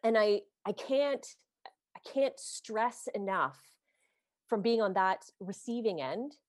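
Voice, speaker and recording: A woman hosting a podcast interview, speaking effusively with many halting restarts and gentle questions. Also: mid-range voice, expressive, dry recording, clean studio sound. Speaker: podcast host. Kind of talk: conversational interview.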